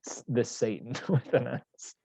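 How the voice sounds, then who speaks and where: A man hosting a podcast in casual chat, relaxed and wry, laughing as he reads quotes. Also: mid-range voice, unhurried, creaky, husky, no room sound. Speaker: podcast host. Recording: dull dry lo-fi sound.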